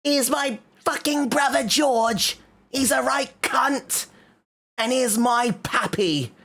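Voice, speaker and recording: A man voicing a foul-mouthed little girl pig with a put-on British accent, crude and mocking in a slow, drawn-out delivery. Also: extremely high pitch, bright, forceful tone, pitched above the performer's own voice, exaggerated voice.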